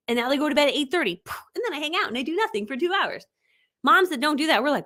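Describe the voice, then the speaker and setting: A woman online business coach giving a motivational talk, telling animated stories and acting out what people said. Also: sits high, fast. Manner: animated storytelling, acting out quotes.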